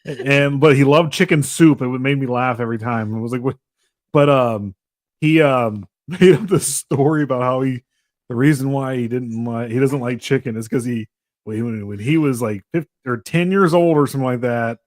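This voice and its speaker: A man's voice: medium pitch, normal speed, no room sound, studio quality. A man co-hosting a casual podcast, telling stories in a rambling way with many restarts and laughs. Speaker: podcast co-host. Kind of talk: casual chat.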